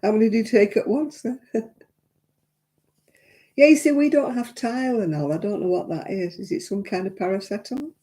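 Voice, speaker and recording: A woman's voice: medium pitch, normal speed, long pauses, dark tone. Chatty self-mocking woman. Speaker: craft live-stream host. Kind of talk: casual live-stream chat.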